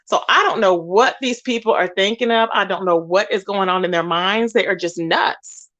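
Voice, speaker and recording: A woman's voice: mid-range voice, normal speed, a bit bright. A woman hosting a livestream, ranting indignantly and emphatically while greeting chat viewers. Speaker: livestream host. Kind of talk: heated livestream rant.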